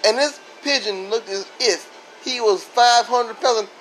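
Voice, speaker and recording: A man's voice: extremely high pitch, a little slow, a bit bright, a little hiss or hum, low-quality recording. A man from Florida doing a rambling stand-up style comedy monologue, with sudden voice jumps and silly sound effects.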